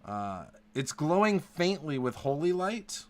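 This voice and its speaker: A man narrating a tabletop game as game master, halting with many fillers. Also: fairly high pitch, big pitch swings. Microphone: online call.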